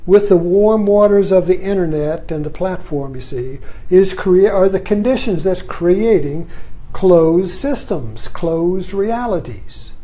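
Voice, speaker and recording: High, mellow-voiced older man musing. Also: lively intonation, slow. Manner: rambling, reflective, often adds "you see". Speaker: vlogger. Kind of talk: musing monologue.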